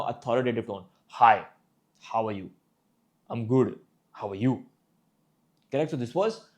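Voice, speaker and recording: A man's voice: mid-range voice, a little mellow. Man coaching with constant "correct?" checks. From India. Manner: tags sentences with "Correct?", demonstrates by example. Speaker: public speaking coach. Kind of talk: instructional talk to camera.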